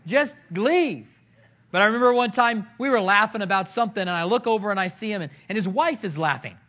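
A man with a high, light voice preaches to his congregation, mixing scripture with humorous, animated anecdotes. The recording sounds slightly dull and lo-fi. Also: quick pace. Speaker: pastor. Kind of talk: sermon.

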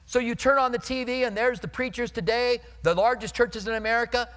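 A male pastor preaching a sermon in a conversational, storytelling way, emphatic, dropping his voice low for serious points. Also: fast, few pauses, a bit bright, in a large hall.

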